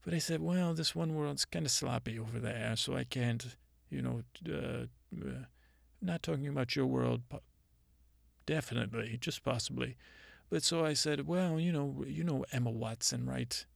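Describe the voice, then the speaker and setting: A man playing gravelly, rambling Mother Nature. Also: mid-range voice, no room sound, clean studio sound. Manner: rambling, halting, deadpan storytelling. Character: rambling, self-important female Mother Nature spirit. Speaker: improv comedian. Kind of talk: improvised comedic monologue.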